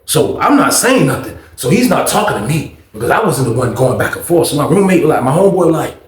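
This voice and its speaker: A man telling a prison story in a casual, animated, profane way, full of acted-out quotes. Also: fairly high pitch, brisk. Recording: echoey room.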